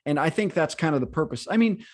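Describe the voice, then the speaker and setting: A man's voice: fairly high pitch, lively intonation, quick pace. A man from the American South co-hosting a podcast, casual film chat, rambling with frequent restarts and easy laughter. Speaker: podcast co-host.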